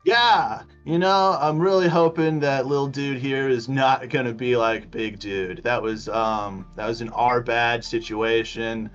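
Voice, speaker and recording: A man's voice: mid-range voice, fairly even intonation, a little slow, few pauses, a bit bright, faint music behind, natural voice. Tiny friendly ranger, laid-back and sheepish, voiced by a man, slightly dull audio. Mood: sheepish, chatty.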